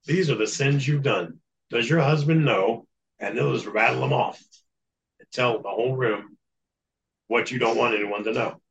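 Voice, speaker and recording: A man's voice: mid-range voice, moderate pace, gravelly, a bit bright, highs cut off. A man speaking as a guest in an interview, telling a long story in an earnest, matter-of-fact way. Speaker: guest recounting exorcism experience.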